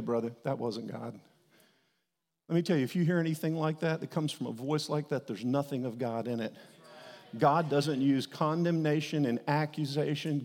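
A male pastor delivers a sermon in a hall with long reverb. His voice sits a little high. He moves from quiet storytelling to loud, emphatic declarations.

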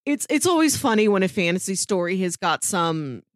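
A woman's voice: medium pitch, sing-song, normal speed, no room sound, studio quality. A woman co-hosting a podcast in casual chat, full of "like" fillers and laughing mid-sentence. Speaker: podcast co-host.

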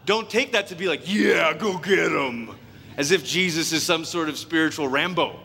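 A middle-aged man preaching a sermon as pastor, telling stories animatedly and acting out quotes. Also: sits high. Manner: animated storytelling with acted-out quotes and laughs. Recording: long hall reverb.

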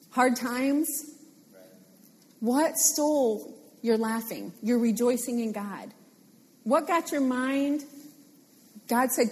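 Animated woman preaching in an echoey hall. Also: fairly high pitch, husky. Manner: animated, playful, repeats phrases for emphasis. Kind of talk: sermon.

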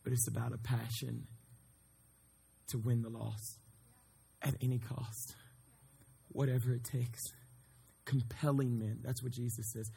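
Male youth pastor, mid-pitched, earnest, casual preaching with fillers. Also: unhurried, creaky, long pauses, slightly rough. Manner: earnest, conversational, rising to excited calls to the crowd. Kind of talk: sermon to a youth group.

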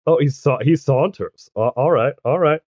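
A man's voice: on the high side, normal speed, a little mellow, dry recording, clean studio sound. A man narrating as game master of a tabletop game, hesitant and often restarting, with laughs.

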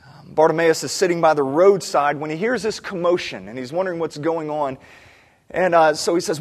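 A man preaching a sermon as pastor, animated, acting out cries of the people he describes. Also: a little high, fairly quick, in a large hall.

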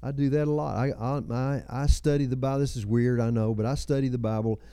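A man's voice: medium pitch, steady tone, fairly quick, warm tone, smooth, no echo. A man in his seventies preaching a sermon, with folksy storytelling, chuckles and personal asides. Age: 70s. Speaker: pastor.

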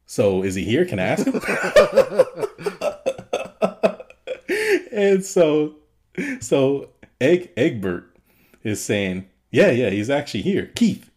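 A man's voice: medium pitch, sing-song, extremely slow, long pauses, darkish tone. A man co-hosting a podcast, casually retelling a film's scenes and laughing often. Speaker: podcast co-host. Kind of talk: casual film review chat.

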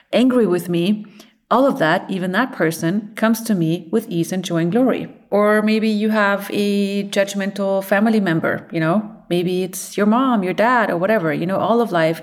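A woman psychologist giving a motivational talk, playful and expressive, who laughs often and speaks in loose, encouraging phrases. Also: medium pitch.

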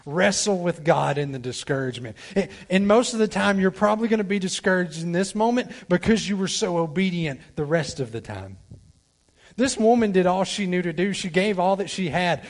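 A man preaching a sermon as a guest preacher. He talks straight to the congregation, swinging from loud pleading down to quiet, low asides. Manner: talks directly to the congregation, asks for responses. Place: church sanctuary.

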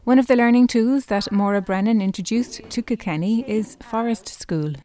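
A woman's voice: a little high, normal speed, dark tone. A woman reporter, narrating a feature and putting friendly questions to pupils. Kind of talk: broadcast feature narration and interviewing.

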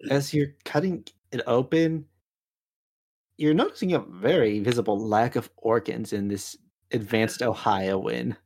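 A man's voice: mid-range voice, unhurried, a little mellow. A man narrating as game master of a tabletop game, with dry, exasperated asides.

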